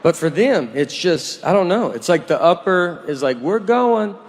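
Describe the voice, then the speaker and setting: A man in his forties performs stand-up with a dry, meandering delivery, poking fun at himself. His voice sits a little high for a man. The live recording carries a clear layer of noise. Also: animated, moderate pace. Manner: dry, rambling, self-deprecating. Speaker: stand-up comedian. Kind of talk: stand-up comedy routine.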